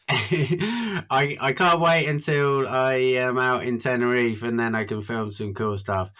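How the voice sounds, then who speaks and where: A man talking casually as a podcast guest, halting and repeating words, laughing easily. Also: medium pitch, a bit bright. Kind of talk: casual chat.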